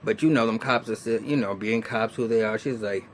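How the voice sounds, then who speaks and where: A man's voice: fairly low pitch, fairly quick, slight background noise. A man casually recapping and reviewing a TV episode, chatty and colloquial, with frequent restarts and laughter.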